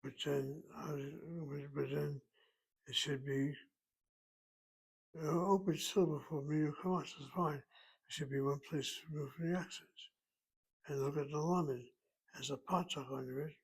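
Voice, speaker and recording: A man with a gravelly, husky voice pitched a little above the usual teaches Hebrew grammar. He talks slowly and methodically and thinks aloud as he works through each word. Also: fairly even intonation, rough recording. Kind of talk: recorded Hebrew grammar lesson.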